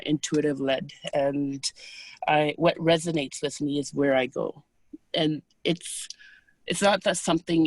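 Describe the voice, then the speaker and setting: A woman as an interview guest, calmly recounting personal experiences in a soft, unhurried, hesitant way. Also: sits low, no room sound. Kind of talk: personal storytelling in conversation.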